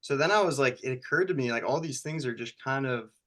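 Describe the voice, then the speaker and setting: A man's voice: medium pitch, quick pace, bright, forceful tone. A man, a screenwriter and actor, chatting casually in an interview, telling stories loosely with lots of fillers. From United States. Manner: rambling, loose storytelling with many fillers.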